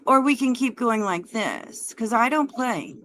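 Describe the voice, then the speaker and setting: Slow-talking taunting woman livestreamer. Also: on the high side, lively intonation, a bit bright. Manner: taunting, profane, mocking. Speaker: livestream host. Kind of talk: heated livestream argument.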